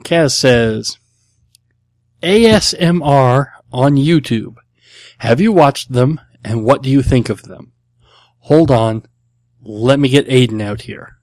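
A man's voice: mid-range voice, slow pace, long pauses, darkish tone, no room sound, studio quality. Blunt, rambling middle-aged man host. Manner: blunt, rambling, hesitant with many fillers. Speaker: podcast host answering listener questions. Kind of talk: casual chat.

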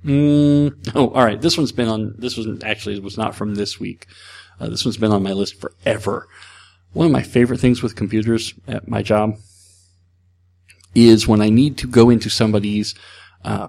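A man's voice: lowish voice, creaky, darkish tone. A man hosting a solo podcast, chatting casually in a rambling way with frequent restarts. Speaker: podcast host.

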